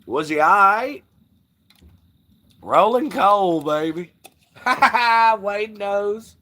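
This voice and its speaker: A man's voice: high-pitched, lively intonation, very slow, pushed and bright. A man hosting a livestream, telling crude, rambling stories in casual chat with frequent laughs. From Southern United States. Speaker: livestream host.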